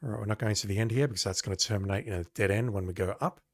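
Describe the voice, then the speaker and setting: A man's voice: lowish voice, racing. A man giving casual, wry, chatty commentary while playing through a retro game. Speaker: let's-play host.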